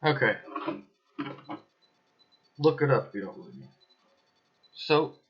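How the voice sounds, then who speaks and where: A man's voice: medium pitch, sing-song, takes it slowly, slightly rough, highs cut off. A man talking to camera in his apartment, in a casual, emphatic and accusatory monologue with suspicious asides. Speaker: video blogger.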